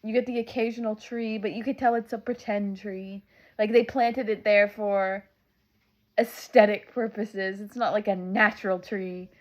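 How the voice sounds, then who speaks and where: A woman's voice: mid-range voice, little pitch movement, moderate pace, darkish tone, lo-fi sound. A woman from Southern California, chatting casually to the camera at home while she packs, rambling with lots of "like" and "um.". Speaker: vlogger.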